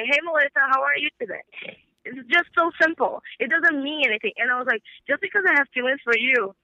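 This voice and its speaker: A woman's voice: fairly high pitch, no room sound. A woman, calling in and retelling a fight in heated, swearing bursts. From Brazil. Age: 20s. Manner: heated, swearing storyteller who acts out quoted dialogue. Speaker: caller. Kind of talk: casual phone call. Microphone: phone. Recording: bright thin phone line.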